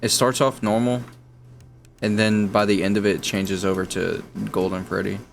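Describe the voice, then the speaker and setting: A man's voice: fairly low pitch, little pitch movement, moderate pace, creaky, faint music behind. A young man casually chatting while playing a horror video game, in a laid-back, mumbling way. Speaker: gaming YouTuber. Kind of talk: casual let's play chat.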